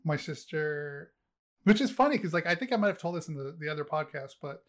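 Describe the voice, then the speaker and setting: A man's voice: a little high, expressive, fairly quick. A middle-aged man, a podcast co-host, chatting casually and rambling with lots of fillers. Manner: rambling, heavy on fillers, laughs often. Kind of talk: casual chat.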